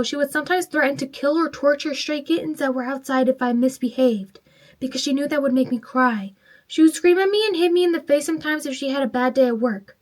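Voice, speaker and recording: A high-pitched woman talks casually to her camera while putting on makeup, reading online stories aloud. She is a bit tipsy, swears freely and reacts emotionally between the stories. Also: fairly bright tone. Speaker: vlogger.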